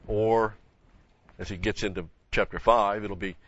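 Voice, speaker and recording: A man teaching the Bible sermon-style, halting with many fillers and asking rhetorical questions. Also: lowish voice, fairly even intonation, a bit bright, no echo. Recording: dull lo-fi recording.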